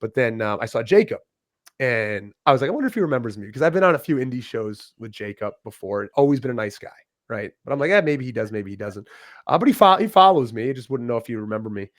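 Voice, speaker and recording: A man's voice: medium pitch, quick pace, dry recording, studio quality. A young man, a wrestler guest, chatting casually in an interview, laughing often and cursing easily. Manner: relaxed storyteller, laughs often, swears casually.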